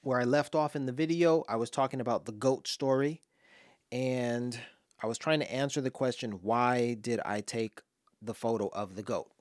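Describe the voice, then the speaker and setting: A man's voice: mid-range voice, steady tone, normal speed, no room sound, clean studio sound. A man from Los Angeles giving casual spoken commentary on his own poem, telling stories with voiced asides and sometimes dropping to a whisper.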